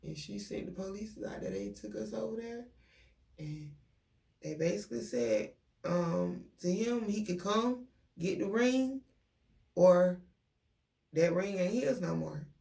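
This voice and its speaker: A young woman, venting to her viewers in a casual, animated story full of quoted dialogue. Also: medium pitch, measured pace, vocal fry, pauses often. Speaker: vlogger.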